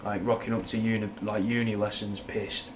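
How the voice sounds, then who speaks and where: Rambling and down-to-earth, this young Manchester man answers chat during a casual livestream, speaking frankly, swearing now and then and using British slang. His accent is Mancunian with a slight Scouse twang. The fairly low voice keeps a level tone at a moderate pace, with faint ambient noise humming beneath.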